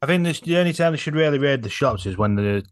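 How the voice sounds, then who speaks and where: A man in a casual chat, calmly and steadily pushing back on a point. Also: medium pitch, fast talker, dry recording, studio quality.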